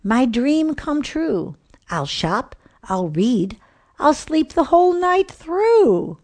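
A frazzled mother in a rhyming Christmas story, wry and worn out, her voice lifting higher when she complains, as a woman reader puts her on. The delivery is slow and deliberate, with a gravelly texture. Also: big pitch swings, heavily acted. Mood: exasperated. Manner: exasperated, wry. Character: tired, harried mother at Christmas.

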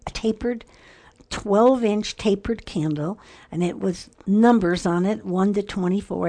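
Older woman with a gravelly voice. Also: mid-range voice, darkish tone. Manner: earnest, musing, with small self-mocking asides. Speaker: Christian women's ministry teacher. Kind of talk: devotional teaching talk.

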